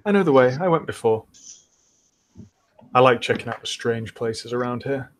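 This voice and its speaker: Young male werewolf trickster, as a man voices him, friendly, eager, doglike, medium-pitched, online game. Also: animated, moderate pace, slight background noise, natural voice. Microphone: video call.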